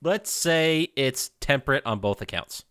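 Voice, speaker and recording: Lively dry-voiced man hosting podcast banter. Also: mid-range voice, measured pace, clear, resonant tone, dry recording. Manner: playful, quizmaster-like. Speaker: podcast co-host asking would-you-rather questions.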